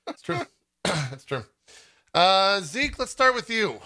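Man, show host, very bright tone, casual chat, joking. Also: high-pitched, slight background noise. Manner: relaxed, joking, talks in quick bursts. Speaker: podcast host.

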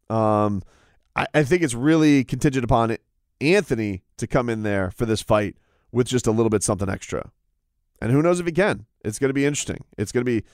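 A man's voice: mid-range voice, no room sound, clean studio sound. A man casually discussing combat sports in a rambling way, with frequent restarts. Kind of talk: casual chat.

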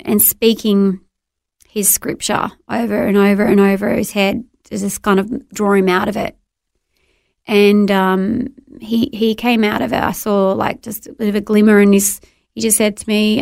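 A woman's voice: mid-range voice, creaky, darkish tone, no echo, studio quality. A woman telling her personal story as an interview guest, earnest and heartfelt, often restarting her sentences.

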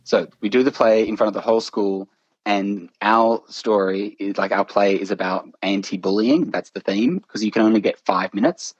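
A man's voice: lowish voice, moderate pace, breathy edge, dry recording, lo-fi sound. A man, a podcast guest, telling a story in casual chat and laughing at himself as he goes. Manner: laughs through his own stories, self-mocking.

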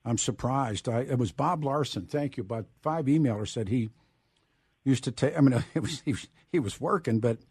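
A man's voice: mid-range voice, lively intonation, normal speed, a little mellow, breathy edge, no room sound, clean studio sound. A man hosting a radio talk show, loose and joking, rambling between topics.

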